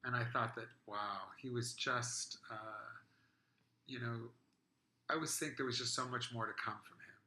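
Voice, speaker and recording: A man's voice: medium pitch, fairly even intonation, moderate pace, bright, forceful tone. A man hosting a podcast in casual chat, rambling with lots of fillers. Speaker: podcast host. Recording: roomy echo.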